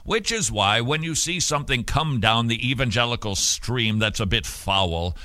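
A man's voice: mid-range voice, animated, moderate pace, sharp tone, no room sound. A man preaching in an emphatic, punchy way, with mocking asides. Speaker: radio preacher. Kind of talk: preaching monologue.

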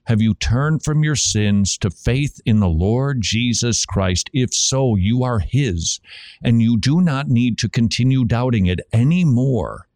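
A man preaching on a podcast in an emphatic voice that swoops widely between high and low. He keeps firing rhetorical questions at the listener. The sound is dry and close, with no room echo. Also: animated, a little slow, a little mellow. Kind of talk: preaching-style podcast talk.

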